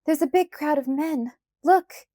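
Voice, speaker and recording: A woman's voice: sits high, measured pace, dark tone, dry recording, studio quality, voice pushed up. A woman reader voicing a frightened young girl who pleads urgently, in a storybook reading. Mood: excited.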